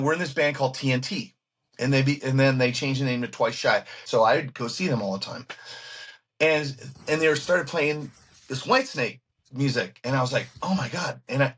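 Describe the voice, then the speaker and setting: Excitable husky man telling stories. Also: on the high side. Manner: excitable, acts out quoted voices, frequent restarts. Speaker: guest musician. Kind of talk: animated storytelling in an interview.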